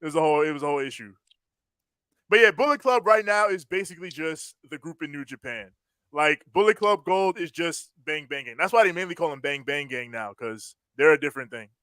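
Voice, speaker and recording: A man co-hosting a casual wrestling chat, teasing and laughing often, quick to rebut. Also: on the high side, animated, a bit bright, clear, resonant tone, dry recording, clean studio sound. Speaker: podcast co-host.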